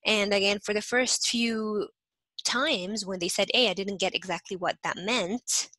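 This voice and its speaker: A young woman teaching a lecture in a bright, clear voice. She keeps saying "again" and breaks into little acted-out examples. The sound is dry and close, with no room echo. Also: mid-range voice, measured pace. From not from Canada. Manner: repeats "again" and restarts often, acts out short examples. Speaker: instructor. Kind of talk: recorded lecture.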